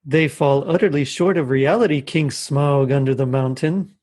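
A man voicing a small cartoon hobbit who flatters a dragon in a formal, careful way. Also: mid-range voice, normal speed, breathy edge, natural voice. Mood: flattering.

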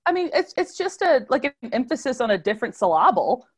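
A woman hosting a podcast in casual chat, giggly and eager, explaining things quickly. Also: sits high, sing-song, slightly rough. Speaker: podcast host.

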